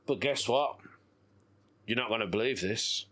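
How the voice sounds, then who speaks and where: A man's voice: lowish voice, unhurried, fairly bright tone. A British man in his thirties hosting a casual solo podcast, laughing often and talking in a playful, giggly way. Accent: British English. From Britain. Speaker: podcast host. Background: faint background music.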